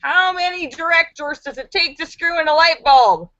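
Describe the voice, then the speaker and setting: Bright, theatrical woman hosting a live stream. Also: extremely high pitch, moderate pace, no echo. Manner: theatrical, jumps into voices and shrieks for punchlines; chatty asides while reading, laughs often. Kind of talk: reading viewers' jokes aloud on a live stream. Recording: dull lo-fi dry sound.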